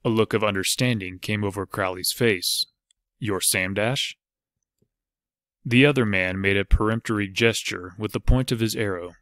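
In a studio-clean recording without any room sound, a man with a lowish voice narrates an adventure novel. He keeps his scripted delivery steady and measured, like a practiced audiobook reader.

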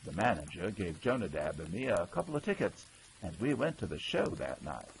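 A man narrating a folksy old-time story, with lively character voices. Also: low voice, a little fast, vocal fry, slight background noise, low-quality recording. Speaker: audiobook narrator.

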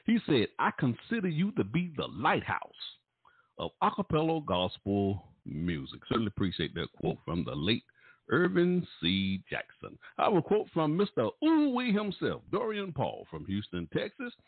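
A man hosting a gospel radio show, a showy, playful announcer with sudden jumps in pitch. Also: wildly swooping pitch, moderate pace, breathy edge, no echo. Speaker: radio host. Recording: tinny, phone-like, dry sound.

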